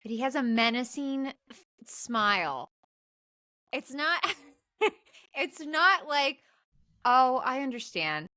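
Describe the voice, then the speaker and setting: A woman co-hosting a podcast, chatting casually about a film, blunt and expressive, acting out the characters' lines. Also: high voice, slow pace, pauses often, dry recording, clean studio sound. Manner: animated, blunt, swears, acts out lines. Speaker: podcast co-host. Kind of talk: casual chat recapping a film.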